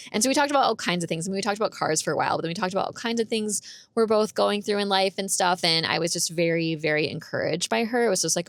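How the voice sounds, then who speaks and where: A woman's voice: on the low side, gravelly, fairly bright tone, no room sound, clean studio sound. A woman vlogger telling a personal story in a chatty, rambling way. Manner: chatty, rambling, many "like"s, laughs while telling. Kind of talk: casual storytelling vlog.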